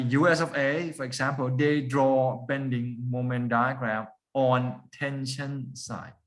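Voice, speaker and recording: A man's voice: mid-range voice, fairly bright tone. A man lecturing a class, often stopping to put questions to the students and repeating key points for emphasis.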